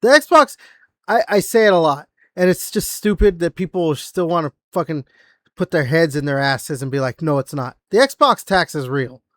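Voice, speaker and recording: A man's voice: a little high, animated, moderate pace, a bit bright, no echo, studio quality. A man co-hosting a casual gaming podcast, rambling with lots of fillers and swearing. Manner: rambling, filler-heavy, profane. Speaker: podcast co-host.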